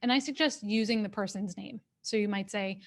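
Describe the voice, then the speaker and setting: Woman coach giving clear, steady advice. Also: mid-range voice, a little fast. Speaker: executive coach. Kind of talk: workshop talk. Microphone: webcam on a video call.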